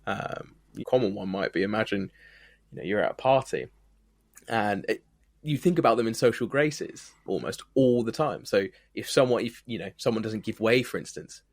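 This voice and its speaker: A man's voice: fairly low pitch, expressive, normal speed, creaky, no echo. A man co-hosting a podcast, talking through ideas thoughtfully and building his points with examples. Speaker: podcast co-host. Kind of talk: reflective podcast conversation.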